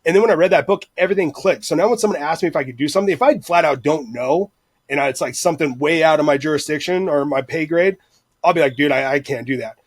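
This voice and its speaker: Profane, rambling man, slightly high voice. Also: quick pace, slightly rough, no room sound. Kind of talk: casual podcast chat.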